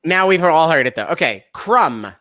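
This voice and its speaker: A man's voice: fairly high pitch, animated, moderate pace, bright, forceful tone, no room sound, studio quality. A man hosting a casual happy-hour show over a video call, reading out multiple-choice quiz questions and laughing easily. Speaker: host. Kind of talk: quiz-style casual chat.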